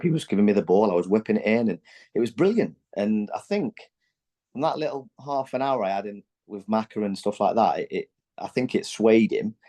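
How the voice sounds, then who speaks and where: A man in his forties with a low, mellow voice recounts old football days on a podcast. He talks loosely, piles on fillers and restarts, and slips into lively impressions of teammates. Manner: animated, acts out quotes from teammates. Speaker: former footballer guest. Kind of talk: candid podcast storytelling.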